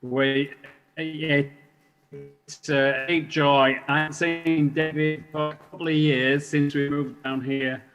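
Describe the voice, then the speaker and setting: A man chatting as a cheerful, relaxed guest. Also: a little high, slow pace, faint music behind. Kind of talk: casual chat.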